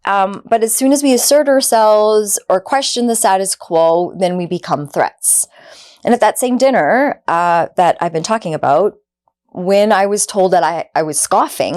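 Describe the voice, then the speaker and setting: A woman with a fairly low, slightly mellow voice hosts a reflective podcast monologue. She talks earnestly and conversationally, saying "like" a lot and acting out quoted dialogue.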